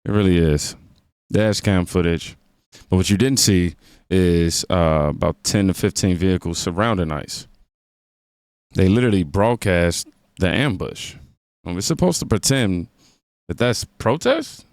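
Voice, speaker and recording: A man's voice: low-pitched, unhurried, a little mellow, smooth, dry recording, clean studio sound. A man hosting a reaction video, delivering sarcastic, mocking commentary on news clips.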